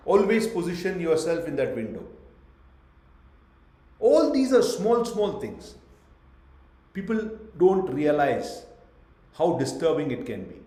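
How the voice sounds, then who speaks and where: A man's voice: on the high side, sing-song, takes it slowly, pauses often, mellow. Male corporate trainer teaching over a webcam, punchy lists, roomy echo. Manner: emphatic, lists points in short bursts; asks the class questions. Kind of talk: online training lecture. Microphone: webcam on a video call.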